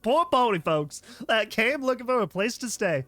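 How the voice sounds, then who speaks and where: A man's voice: very high voice, sing-song, normal speed, bright, forceful tone, no room sound, pitched above the performer's own voice, full character voice. Man doing a folksy female farm pony. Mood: apologetic.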